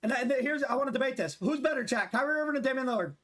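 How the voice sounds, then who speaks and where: Man, 20s, gaming streamer; high, animated voice, loose profane banter. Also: racing. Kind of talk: casual live-stream chat during gameplay.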